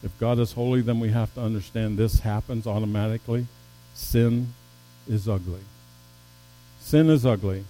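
At a moderate pace, a male pastor gives a sermon that alternates between loud, emphatic bursts and soft, subdued sections, often stumbling and restarting. It's a rough recording.

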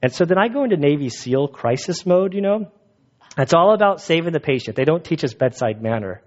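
A man's voice: on the high side, animated, fairly quick, darkish tone. A man preaching a sermon, telling personal stories in a casual, rambling way that often breaks off mid-sentence. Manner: casual, rambling, self-interrupting. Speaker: pastor. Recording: dull muffled sound.

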